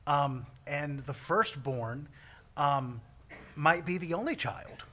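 A man's voice: on the high side, expressive, slow pace, sharp tone. A man preaching a sermon as a priest, joking with the congregation between points. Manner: joking, self-deprecating asides to the congregation.

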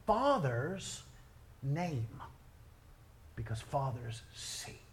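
A middle-aged male pastor preaching a sermon, telling family stories in a lively way. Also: mid-range voice, extremely slow. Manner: storytelling, animated, quoting others in his own voice.

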